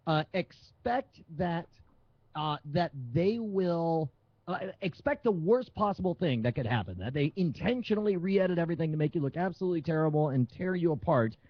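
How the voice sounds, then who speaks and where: A male magician talks with lively, swinging emphasis, pressing his points home. His voice sits a bit high, and the sound is dry and dull, like a lo-fi stream. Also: moderate pace, no echo. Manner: animated storytelling, emphatic. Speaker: magician guest. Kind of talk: casual live-stream chat.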